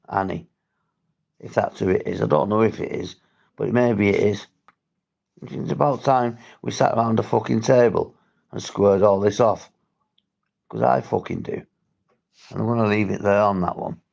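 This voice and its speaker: A man's voice: on the low side, darkish tone. A man from St Helens with a Merseyside accent, talking bluntly on a livestream about drug recovery, swearing often and restarting his sentences. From St Helens, England. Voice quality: gravelly, husky. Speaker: recovery vlogger. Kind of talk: livestream talk to viewers.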